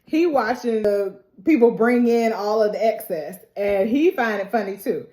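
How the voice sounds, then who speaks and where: A woman, recapping a TV episode in a lively, casual way, laughing often and acting out the characters' lines in slang. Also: medium pitch, unhurried, hardly any pauses. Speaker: TV recap host. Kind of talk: animated TV recap retelling scenes.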